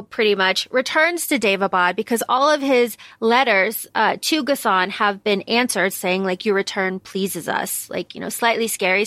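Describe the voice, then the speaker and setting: A woman's voice: a little high, sharp tone, dry recording. A woman co-hosting a podcast, talking over a book in a loose, chatty way, full of "like" and casual swearing. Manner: chatty, lots of "like", swears freely. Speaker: podcast co-host.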